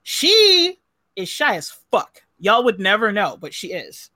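A woman's voice: medium pitch, very animated, unhurried, sharp tone, no room sound. A woman from Southern California hosting a live call-in chat show, chatty and profane, often laughing. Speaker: podcast host taking calls.

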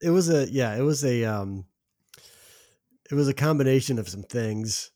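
A young man co-hosting a podcast, tired, easygoing and quick to laugh and agree. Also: mid-range voice, animated, warm tone, no echo, studio quality. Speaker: podcast co-host. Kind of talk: casual chat.

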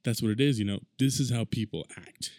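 A man's voice: medium pitch, a little fast, darkish tone, no echo, studio quality. A young man in his twenties hosting a casual solo podcast, talking in a rambling, conversational way with lots of fillers. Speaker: podcast host.

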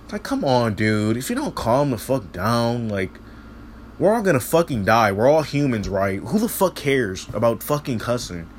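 A very animated teen boy with a mid-range voice rants at normal speed, cursing constantly and restarting his sentences over and over. This high schooler's casual tirade carries a little hiss or hum.

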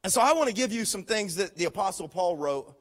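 Speaking fast with a high voice and lively intonation, a pastor preaches an emphatic sermon. He repeats key phrases, leads call-and-response, and shifts from hushed asides up to shouts.

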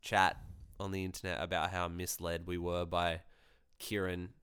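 Bright, crisp-voiced man in casual chat. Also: low-pitched, completely flat delivery, normal speed. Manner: wry, swears casually, acts out quotes. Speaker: podcast co-host. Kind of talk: casual chat recapping a reality show.

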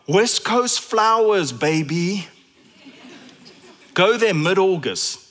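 A man with a South African accent preaching a sermon, animated and repeating phrases for emphasis. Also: high voice. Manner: animated, acts out imagined dialogue in different voices.

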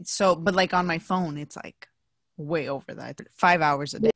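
A young woman co-hosts a casual podcast, chatting freely and often breaking into laughter. She sometimes trails off into a low murmur. The recording is close and dry, with no room sound. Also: moderate pace, dry recording. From southern United States. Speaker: podcast co-host. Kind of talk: casual chat.

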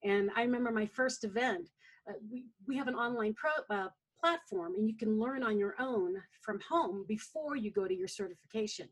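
A woman coach appears as a guest in a casual chat, telling stories at a moderate pace. Her fairly high voice is slightly rough, and she animatedly acts out what other people said.

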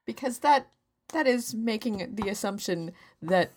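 A woman co-hosting a podcast in casual comedic banter, quick with dry, mock-serious comebacks. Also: on the high side, expressive, a little mellow. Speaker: podcast co-host.

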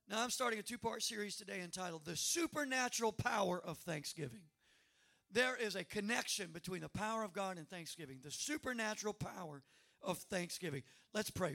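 A man preaching a sermon as pastor, emphatic, repeating words and rising to loud exclamations. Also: high voice, lively intonation, moderate pace, creaky.

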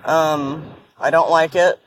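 A worn-out woman vents in a blunt, profane, irritable ramble after a night without sleep. She talks from inside a moving car, with soft road noise beneath her voice. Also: low voice, fairly even intonation, slow pace. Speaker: vlogger. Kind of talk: casual rambling monologue. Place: in a car while driving. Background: faint road and vehicle noise.

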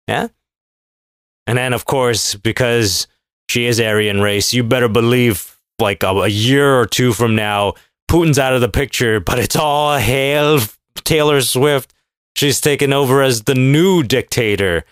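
A man delivering a casual comedic rant, sarcastic and profane, mocking people with quick put-on voices. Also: medium pitch, no room sound, studio quality.

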